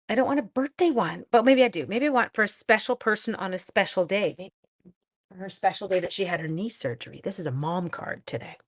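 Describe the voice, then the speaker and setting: A woman's voice: medium pitch, fairly bright tone. A middle-aged woman from Canada chatting with viewers while she makes cards on a live stream, thinking aloud as she works. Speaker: card-making live streamer. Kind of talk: live craft stream chat.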